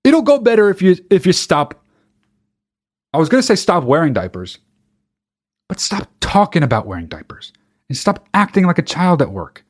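A man's voice: a little high, sing-song, moderate pace, pauses often, breathy edge. A man hosting a comedy commentary show, reading a news article aloud and reacting with sarcastic, profane disbelief. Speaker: show host.

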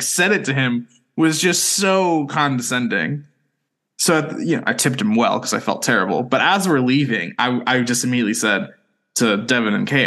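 A man's voice: medium pitch, bright, forceful tone. Laughing, rambling male podcast co-host. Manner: rambling, self-deprecating, laughs often. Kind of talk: casual storytelling chat.

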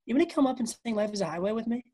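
A woman's voice: a little high, rapid-fire. A woman in her twenties, a guest musician, telling a story animatedly on a video call and acting out the quoted dialogue. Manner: animated, acts out quoted dialogue, says dude and bro. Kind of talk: casual storytelling interview.

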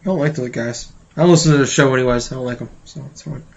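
A male podcast co-host jokes around in casual banter, breaking into mock singing. His mid-range voice is very fast, creaky and husky, and the recording is muffled.

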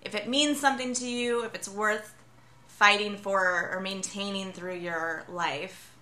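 A woman's voice: mid-range voice, steady tone, unhurried, pushed and bright. An American woman in her thirties co-hosting a podcast, giggly and chatty, with lots of "like". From United States. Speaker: podcast co-host. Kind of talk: casual chat. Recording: echoey room.

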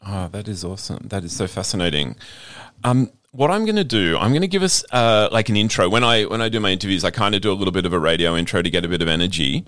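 An Australian man hosts a book interview with eager enthusiasm and frequent restarts. His voice sits fairly low and sounds dry and close. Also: big pitch swings, fast talker, fairly bright tone, no echo. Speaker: podcast host. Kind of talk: interview host. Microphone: video call.

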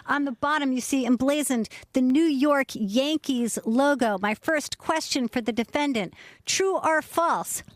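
A woman's voice: sits high, unhurried, dry recording. A woman radio host acting out a mock courtroom on a podcast, playful and theatrical, questioning like a lawyer.

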